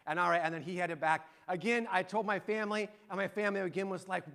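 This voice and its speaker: High-voiced preacher man telling a story. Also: fairly quick, gravelly. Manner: animated storytelling, swelling with excitement. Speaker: pastor. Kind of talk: sermon.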